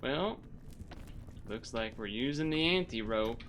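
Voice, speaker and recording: A man's voice: medium pitch, lively intonation, unhurried, a bit bright, slight background noise. A young man streaming a video game, grumbling, swearing and talking to himself about his frustrations. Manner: frustrated, swearing, muttering then exclaiming. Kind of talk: live gameplay commentary. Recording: faint game music behind.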